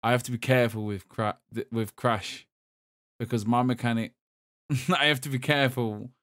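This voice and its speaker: A man from England chats on a gaming podcast. His voice sits in the middle of the range and the sound is dry and close. He tells stories in an animated way and laughs as he talks. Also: mid-range voice, moderate pace, dry recording. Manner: animated storytelling, quoting others, laughing. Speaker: podcast host. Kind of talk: casual chat.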